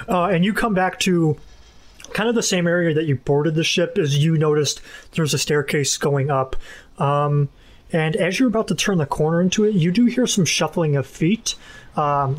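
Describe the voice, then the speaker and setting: A man narrating as game master in a tabletop game, casual and halting, with many fillers. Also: on the high side.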